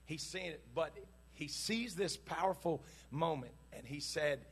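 A man preaching a sermon to his congregation in church, fervent and shouting at its peaks, then dropping into casual joking asides. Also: on the high side, a little slow, slightly rough. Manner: impassioned preaching that builds to shouts. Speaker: pastor.

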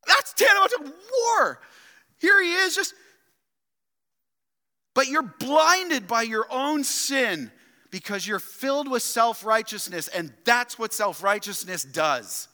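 A man preaching a sermon, swinging between loud emphatic outbursts and quiet, low asides, often asking his listeners rhetorical questions. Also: lively intonation, slow pace, long reverb tail. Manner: addresses listeners as "loved ones" and asks rhetorical questions. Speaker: pastor. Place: church sanctuary.

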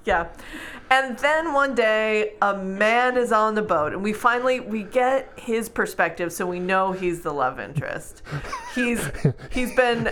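A woman co-hosting a podcast, recapping a book in casual chat, animated and laughing often. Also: medium pitch, a little slow, slight background noise. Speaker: podcast co-host.

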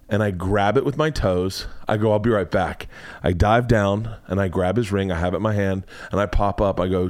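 This podcast host's voice is fairly low, recorded with no room sound in his home studio man cave. He tells an animated story with great energy, loud and excitable, voicing quotes and swearing freely.

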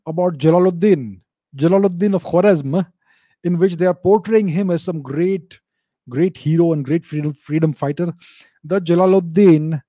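A man's voice: fairly high pitch, dark tone, dry recording, studio quality. A man from India, giving opinionated casual commentary, often repeating and restarting his words.

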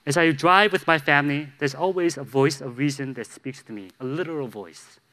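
A man's voice: fairly high pitch, fairly quick, pushed and bright. A man from Chicago preaching a sermon as a pastor, telling candid, self-deprecating stories with humor. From Chicago, USA.

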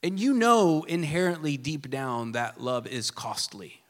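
A pastor preaching a sermon with earnest emphasis that drops at times to a hushed, soft delivery. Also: male voice, on the high side, a little slow. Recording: long reverb of a large hall.

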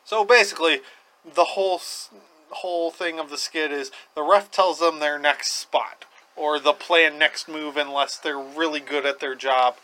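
A man's voice: fairly high pitch, fairly even intonation, unhurried, bright, forceful tone, rough recording. A man co-hosting a casual podcast, sarcastic and swearing freely as he rants. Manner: sarcastic, profane ranting. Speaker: podcast co-host. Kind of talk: casual chat.

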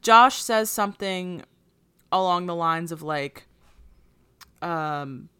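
A woman's voice: lowish voice, slow pace, sharp tone, clear, resonant tone. A young woman co-hosting a podcast, casually recapping a movie plot with many fillers. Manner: rambling, filler-heavy retelling. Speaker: podcast co-host.

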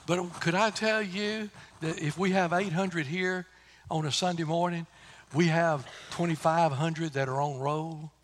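A man preaching a sermon, swinging between loud emphatic lines and hushed low ones. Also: fairly even intonation, unhurried. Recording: reverberant church hall.

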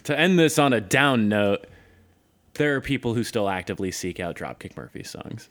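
Deadpan man with a lively voice. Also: fairly low pitch, normal speed, no room sound. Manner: dry, deadpan jokes. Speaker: podcast co-host. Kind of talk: casual chat.

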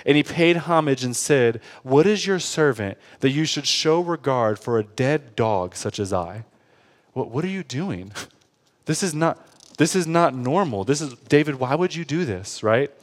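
A man's voice: fairly high pitch, animated, a little slow. Young guy preaching, reads verses then chats through them, roomy echo. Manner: reads scripture aloud, then explains it in casual asides. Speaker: pastor. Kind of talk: sermon. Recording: hall reverb.

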